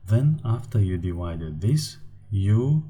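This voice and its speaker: A man with a Turkmen accent, a native Turkmen speaker teaching a grammar lesson in English, explaining slowly and carefully with frequent hesitations. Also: on the low side, sing-song, warm tone. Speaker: language teacher.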